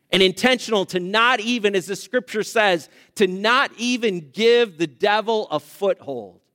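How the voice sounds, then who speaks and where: A man's voice: high-pitched, fairly bright tone, long reverb tail. A male pastor preaching a sermon, emphatic and repetitive, speaking straight to his church. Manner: emphatic, repeats phrases, addresses congregation directly.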